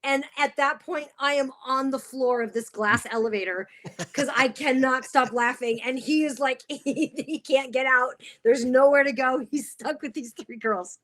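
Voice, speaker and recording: A woman's voice: sits high, normal speed. A middle-aged woman, a podcast guest, telling stories casually with lots of fillers. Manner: animated storyteller, many fillers. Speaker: guest, sales specialist. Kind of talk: casual chat, storytelling.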